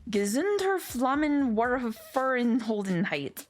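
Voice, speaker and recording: A woman's voice: mid-range voice, huge pitch swings, moderate pace. A woman voicing a dramatic, self-absorbed middle-aged female cat wife with a fake German accent, reading a story game aloud. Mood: insistent. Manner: dramatic, self-absorbed, rolls out long names.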